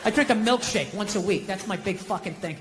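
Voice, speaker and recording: A man's voice: high voice, a little fast, long reverb tail, background noise. A middle-aged American man doing stand-up comedy, ranting profanely in an exasperated way and acting out quotes.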